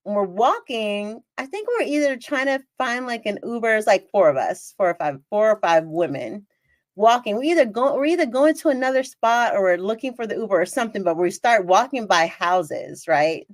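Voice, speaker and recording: Speaking at a normal speed with medium pitch, this woman hosts her own podcast and shares a story in an easygoing, exclamation-heavy way. Her delivery is lively and talkative, re-enacting moments, with no echo in the audio.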